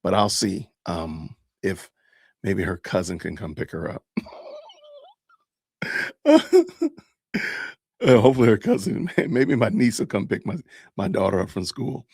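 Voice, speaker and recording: A man in his fifties hosting a podcast, joking in a casual, animated way and talking to his live chat as he comments on videos. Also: low voice, measured pace, gravelly, long pauses, slightly rough, no room sound, studio quality. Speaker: podcast host.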